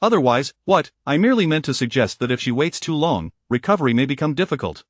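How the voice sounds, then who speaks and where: A man's voice: a little high, very animated, fast talker, dry recording, clean studio sound. A man voicing an aging, scheming grandmother who nags and grumbles, read in a plain storybook voice. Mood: defensive. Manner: nagging, grumbling.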